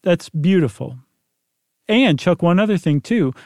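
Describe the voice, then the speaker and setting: A man's voice: sits high, lively intonation, measured pace, a little mellow, dry recording, clean studio sound. A man co-hosting a podcast, chatting casually and explaining things in a playful, wry way. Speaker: podcast co-host. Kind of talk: casual chat.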